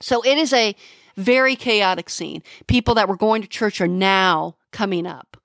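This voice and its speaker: A middle-aged woman, a homicide detective, telling the story of a case in an interview, halting and emotional, with many restarts. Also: mid-range voice, vocal fry, a bit bright, no room sound, clean studio sound.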